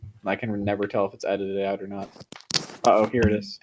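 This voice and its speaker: A man co-hosting a podcast over a remote call, talking casually with relaxed joking and stumbling restarts. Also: on the low side, a little fast, slight background noise. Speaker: podcast co-host. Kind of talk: casual chat.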